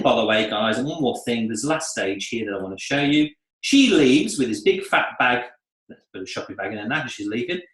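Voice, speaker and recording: A man coaching salon staff in a lively seminar, often acting out the voices of clients and staff. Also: mid-range voice. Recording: echoey room.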